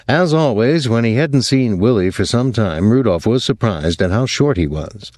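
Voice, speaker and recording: A man narrating an audiobook in a measured, even storytelling voice. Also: medium pitch, no echo, studio quality. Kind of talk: scripted narration.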